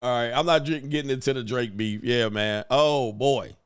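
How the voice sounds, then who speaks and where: A man hosting a casual commentary monologue, telling stories in heavy slang, laughing often and acting out pickup lines in a higher voice. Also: fairly even intonation, moderate pace, smooth, no echo. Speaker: show host.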